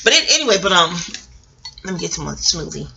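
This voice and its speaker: Lively, bright-voiced middle-aged woman rambling. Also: on the low side, fast talker, vocal fry, dull audio, a little hiss or hum. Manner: animated, digressive, laughs often, swears freely. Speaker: vlogger. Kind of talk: casual rambling commentary.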